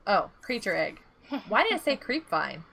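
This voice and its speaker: A young woman streaming a video game, chatting casually and getting excitable, with frequent gasps and giggles. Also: mid-range voice, normal speed, creaky. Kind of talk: casual live gameplay chat.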